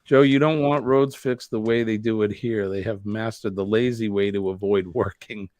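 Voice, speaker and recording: A man's voice: lowish voice, fairly even intonation, normal speed, a little mellow, no room sound. A man hosting a live-stream show, chatting casually, laughing often and reading out comments from viewers.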